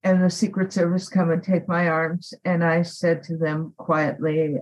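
Animated woman telling a story. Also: lowish voice, unhurried, few pauses, muffled recording. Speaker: activist guest. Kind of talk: storytelling interview.

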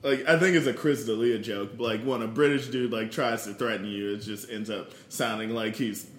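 A man's voice: lowish voice, steady tone, a little fast, roomy sound. A man co-hosting a casual podcast chat, easygoing, with dry jokes, and laughing along. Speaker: podcast co-host.

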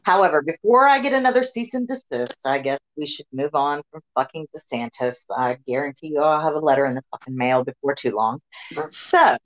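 Speaking fairly quickly in a low voice over a rough recording, this podcast host talks politics casually. She's blunt, curses a lot, and launches into animated rants.

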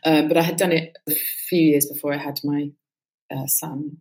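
A woman, maybe in her thirties, speaking as a guest in a relaxed, reflective conversation, with lots of fillers and a casual swear now and then. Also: low voice, moderate pace, poor audio. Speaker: podcast guest.

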